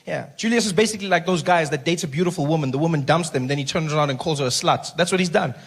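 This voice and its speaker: A man's voice: on the high side, rapid-fire, husky. A man performing stand-up comedy, telling a story with animation and acting out his own inner thoughts. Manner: animated, acts out characters and inner monologue. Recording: live stand-up with audience noise.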